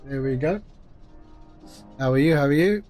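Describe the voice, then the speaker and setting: Brief: male streamer, slightly high voice, unhurried chatty commentary over faint music. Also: a little mellow. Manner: chatty, talks through each step, friendly asides. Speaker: flight sim streamer. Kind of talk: live-stream commentary while playing.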